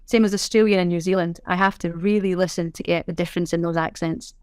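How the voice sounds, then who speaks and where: A woman's voice: lowish voice, steady tone, fast talker, clear, resonant tone, dry recording. Woman, middle-aged, chatty guest; dry close mic. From Scotland. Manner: chatty, self-correcting, explanatory. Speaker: sign language interpreter, podcast guest. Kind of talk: casual interview chat.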